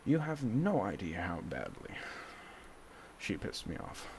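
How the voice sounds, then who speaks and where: A man's voice: low-pitched, very animated, unhurried, noisy background. A man talking to the camera in a casual monologue, agitated and repeating himself. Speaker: vlogger.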